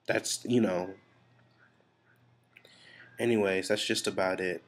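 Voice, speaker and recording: In a slow, steady, deep low voice, a man records a confessional vlog straight to camera. His frustration and stress come through as he rambles, thinks aloud, and swears without holding back.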